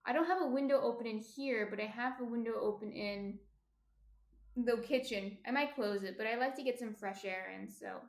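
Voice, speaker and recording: A woman's voice: on the high side, normal speed. A woman with a New Jersey accent chatting casually with her live-stream viewers as she bakes at home, often trailing off with ums. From New Jersey, USA. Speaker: baking streamer. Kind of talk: casual live-stream chat while baking. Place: home indoors near kitchen. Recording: roomy echo.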